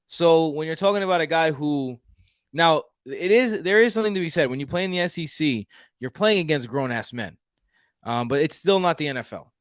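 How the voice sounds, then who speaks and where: Man, from Houston, podcast co-host, casual and jokey, slightly high pitch, dry close sound. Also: brisk, no echo. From Houston, Texas. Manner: animated, jokey, frequent restarts. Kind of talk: casual fantasy football chat.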